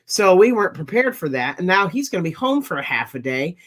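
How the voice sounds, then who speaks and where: A man's voice: sits high, big pitch swings, brisk, a bit bright. A man on a parenting talk panel, joking and chatting casually about family life. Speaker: podcast panelist. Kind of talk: casual chat.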